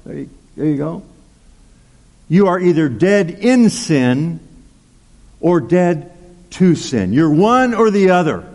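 A man's voice: a little high, big pitch swings, slow, pauses often, darkish tone. A male pastor preaching a sermon, telling a personal story in a chatty way with asides like "okay?" and "right?". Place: large church hall. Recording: long hall reverb.

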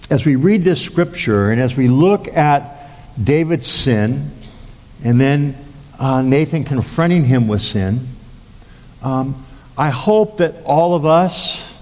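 A man preaching a sermon as a pastor, halting with many fillers and restarts. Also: animated, a little mellow. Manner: acts out quoted lines with raised pitch. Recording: long hall reverb.

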